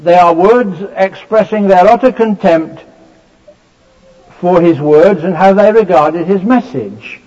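A man preaching a sermon, explaining scripture in a measured way with many fillers and restarts. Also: sits high, a little mellow. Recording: dull lo-fi recording.

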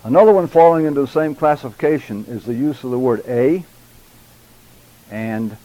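A man teaching public speaking to a class of church men. He speaks in a measured, emphatic way, carefully articulating each word. His pitch sits in an ordinary middle range. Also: warm tone, poor audio. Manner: measured, emphatic, deliberate enunciation; addresses class members by name. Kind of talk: classroom lecture.

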